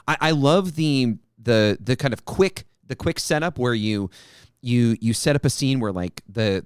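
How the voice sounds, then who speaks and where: A man's voice: medium pitch, clean tone, dry recording, studio quality. A man co-hosting a podcast, giving earnest advice on tabletop game voices and repeating words as he builds his point. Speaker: podcast co-host. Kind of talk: casual podcast discussion.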